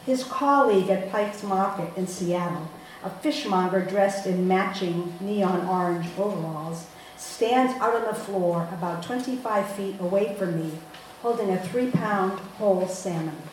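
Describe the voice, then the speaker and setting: A woman's voice: mid-range voice, measured pace. Woman reading her story in an echoey room. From Boston. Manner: lively storytelling with voiced quotes. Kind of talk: reading a personal story aloud. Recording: roomy, distant mic, faint hum.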